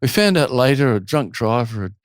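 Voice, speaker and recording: A man's voice: mid-range voice, a little fast, dry recording. A man who runs a retreat, telling a long story in an interview and acting out the people in it. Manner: animated storyteller, acts out quotes. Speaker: retreat host.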